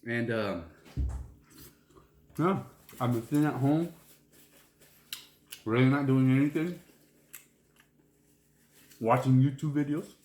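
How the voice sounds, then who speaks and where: A man chatting casually at home while eating a seafood meal on camera, talking with his mouth full and dropping Spanish exclamations between bites. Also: medium pitch. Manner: slow and relaxed, mixing in Spanish exclamations. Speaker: food vlogger. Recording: roomy echo.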